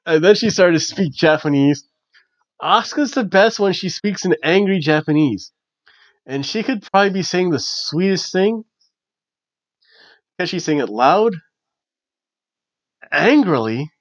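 A man hosting a casual wrestling review, chatty and animated with lots of fillers. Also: high-pitched, unhurried, pauses often, dry recording. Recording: dull, dry lo-fi recording.

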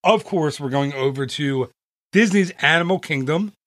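A man's voice: on the high side, moderate pace, fairly bright tone, slight background noise. A man hosting a travel podcast in casual chat, with teasing, joking banter. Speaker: podcast host.

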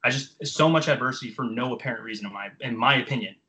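A man's voice: mid-range voice, fast talker, sharp tone, rough recording. A man in his twenties, a coach, telling his story in casual, profane, filler-heavy chat. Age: 20s. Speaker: jump training coach.

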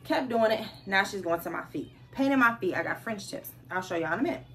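Bright, animated young woman telling a story. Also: mid-range voice, fast. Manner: animated storyteller who acts out quoted dialogue. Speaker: vlogger. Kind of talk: casual storytime vlog.

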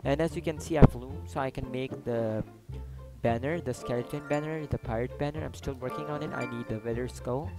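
Excitable man narrating his gameplay. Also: medium pitch, brisk, music in the background, rough recording. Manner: excitable, loud outbursts, swears and jokes. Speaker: gaming YouTuber. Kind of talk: casual gameplay commentary.

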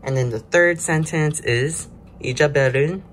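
A man's voice: on the high side, quick pace, fairly bright tone, a little hiss or hum. A man hosting a casual self-study video, explaining grammar step by step in a loose, chatty way. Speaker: language learner host.

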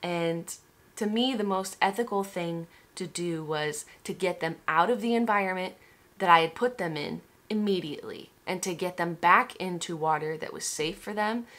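Young woman, lowish voice, casual vlog monologue, candid, emotional, swears a lot. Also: fairly bright tone. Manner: candid and emotional, swears freely, full of restarts. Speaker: vlogger.

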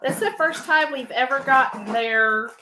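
A woman's voice: sits high, unhurried, bright, forceful tone, a little hiss or hum. A woman hosting a cooking livestream, chatting casually and reading viewer comments aloud.

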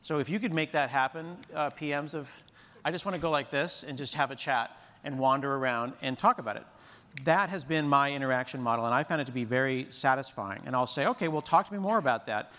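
A man's voice: mid-range voice, brisk, sharp tone. A man giving a chatty, enthusiastic demo talk on a conference stage. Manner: chatty, self-described yapper. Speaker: presenter. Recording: long hall reverb.

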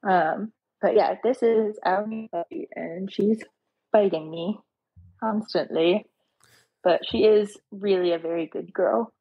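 A woman, a nuclear engineer, chats as a guest in an easygoing way. Her voice is husky and sits in a middle range. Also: mid-range voice, slow, lo-fi sound. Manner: easygoing, chatty. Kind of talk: casual live audio chat.

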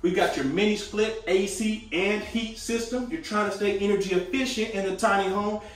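High-voiced man giving an upbeat home tour. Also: fairly even intonation, moderate pace, roomy sound, distant mic. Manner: upbeat salesy patter, addresses viewers as guys. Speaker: tiny home company host. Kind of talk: casual sales walkthrough tour. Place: inside a small furnished tiny home.

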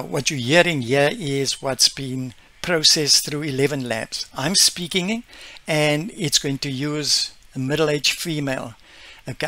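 A man talks through a screen-recorded software demo, his voice bright and forward. He is upbeat and a little rambling, and he sounds close and dry on a desk mic. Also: a little high, dry recording. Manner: enthusiastic, explains step by step with many fillers. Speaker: tech vlogger.

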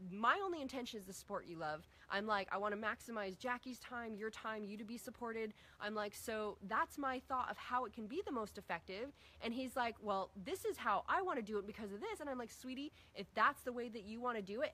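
A middle-aged woman coaching a group on parenting, casually acting out talks with her kids. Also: fairly high pitch. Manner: energetic, acts out dialogue with her kids.

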